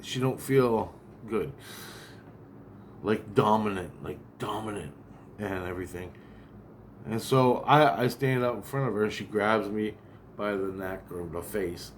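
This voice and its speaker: A man's voice: on the low side, unhurried, long pauses, slight background noise. A man telling a long account of a dream in a rambling, profane way, with many restarts and asides. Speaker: vlogger.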